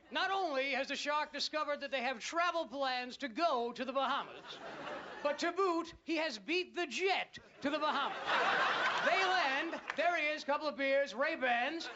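Male stand-up, very high and frantic, lo-fi club tape, big crowd laughter and noise. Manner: ranting, incredulous, loud and animated. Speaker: stand-up comedian. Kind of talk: stand-up comedy routine. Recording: lo-fi live club recording with loud crowd. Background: audience laughter.

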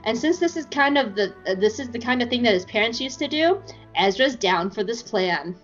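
A woman's voice: fairly high pitch, animated, fairly quick, muffled recording, soft background music. A woman podcast co-host chatting casually through an episode recap, giggly and swearing freely.

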